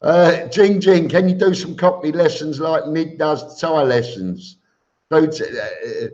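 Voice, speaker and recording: A man's voice: fairly high pitch, slow pace, a little mellow. A man hosting a casual live stream, reading viewer comments aloud and answering them with chuckles. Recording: dull lo-fi stream audio.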